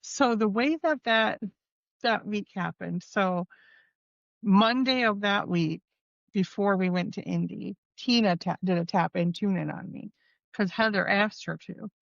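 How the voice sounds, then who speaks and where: A woman's voice: mid-range voice, unhurried, gravelly, no room sound, muffled recording. A woman telling a personal story in a candid, self-deprecating way during a casual podcast conversation.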